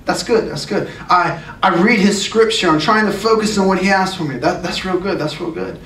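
A man's voice: high voice, moderate pace, a bit bright. A man preaching a sermon as a youth pastor, earnest and emphatic, often repeating his phrases. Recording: echoey room, distant mic, faint noise.

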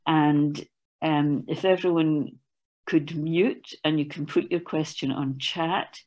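A woman's voice: sits low, steady tone, slow, darkish tone. Polite woman chairing an online meeting.

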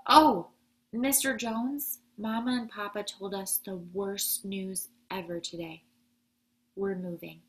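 A woman's voice: mid-range voice, steady tone, measured pace, natural voice. A woman voicing a polite, earnest young girl in a read-aloud storybook. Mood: upset.

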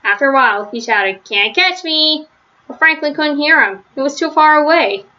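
A woman reading a children's story aloud, gentle, with small slips and restarts, on a slightly lo-fi recording. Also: high voice, expressive, a little fast. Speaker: storybook reader.

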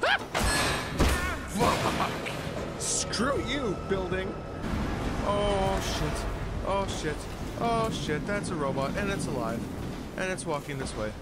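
Slow and prone to frequent pauses, this Canadian let's play gamer speaks in a mid-range, very animated voice while reacting to a horror game. She screams, mumbles anxiously and tosses out sarcastic quips, with loud music, game sound and heavy background noise behind her.

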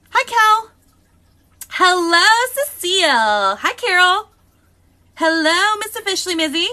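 A woman hosting a live unboxing, chatting excitedly and greeting viewers by name. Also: sits high. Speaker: live-stream host.

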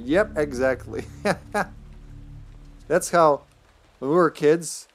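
A man's voice: on the high side, drawn-out words, soft background music. A man with a Serbian accent, a native Serbian speaker, chatting casually and laughing often as he livestreams a game. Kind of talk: casual gameplay commentary.

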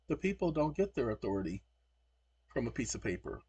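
Combative husky man lecturing. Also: mid-range voice, sing-song, a little fast, a little mellow, no room sound. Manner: combative, lecturing, spells words out letter by letter. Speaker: channel host. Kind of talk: commentary on screen recording.

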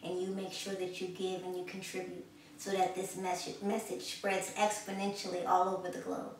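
A woman's voice: on the low side, monotone, normal speed, slight background noise. A woman giving a spoken sermon in an earnest way, repeating phrases for emphasis and swelling in volume when she exhorts. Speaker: preacher. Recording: echoey room, from a distance.

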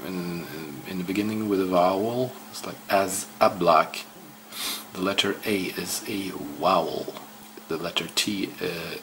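Working through casual self-study, a language learner whose first language is Swedish hesitates and slowly sounds out words. He speaks slowly in a low voice with a sharp tone, over slight background noise.

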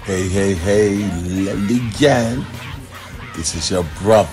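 A bishop with a very deep voice and an unhurried delivery sends a heartfelt birthday greeting. He laughs and exclaims his way through it, and music plays loudly behind him. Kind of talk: recorded birthday message.

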